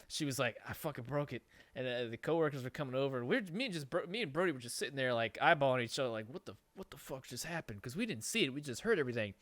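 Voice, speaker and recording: A man's voice: mid-range voice, a bit bright, no room sound. A man telling a story on a podcast in a casual, rambling way, swearing and laughing often. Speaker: podcast host. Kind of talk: casual chat.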